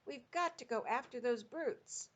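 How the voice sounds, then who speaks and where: A woman's voice: fairly high pitch, expressive, fairly quick, pitched above the performer's own voice. A woman voicing a brave, indignant little girl who talks in an earnest, pleading way.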